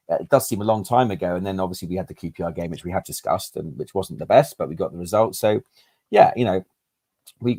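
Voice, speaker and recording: A man's voice: deep voice, warm tone, dry recording. A man co-hosting a casual live football chat, rambling with plenty of fillers and restarts. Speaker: podcast co-host.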